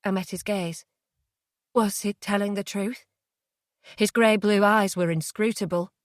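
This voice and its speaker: A woman narrating a thriller audiobook in the first person, hushed and tense. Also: mid-range voice, fairly even intonation, a little slow, dry recording, clean studio sound.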